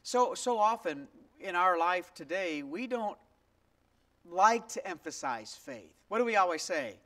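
Slow, emphatic preaching pastor. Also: male voice, high voice, big pitch swings. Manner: prays softly, then preaches with rising emphasis and questions to the congregation. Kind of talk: sermon. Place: church sanctuary.

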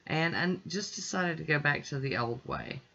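A woman hosting her own nail art channel, narrating a tutorial in a chatty, relaxed way as she works step by step. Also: low voice, normal speed, vocal fry, breathy edge, lo-fi sound.

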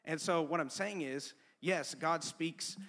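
A man's voice: on the high side, slow pace, a bit bright. Young male preacher in a reverberant church. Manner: casual, conversational preaching with storytelling. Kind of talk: sermon. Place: church sanctuary. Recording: long church-hall reverb.

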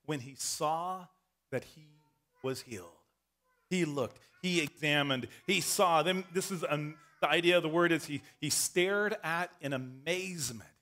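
Male pastor, sermon delivery, bright forceful tone, slightly high voice, animated storytelling. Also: unhurried. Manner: animated, acts out the story with shouts.

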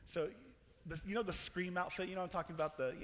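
Young man, chapel sermon, lively storyteller, slightly high voice, long hall echo. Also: fast. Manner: animated, laughing storyteller with many restarts. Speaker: chapel speaker.

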